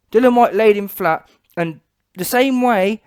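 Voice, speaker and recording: A man's voice: sits high, a little mellow, clear, resonant tone. A British man with a British English accent, ranting in an emphatic, repetitive and mocking way on a boxing vlog. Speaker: boxing vlogger. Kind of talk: opinionated vlog rant.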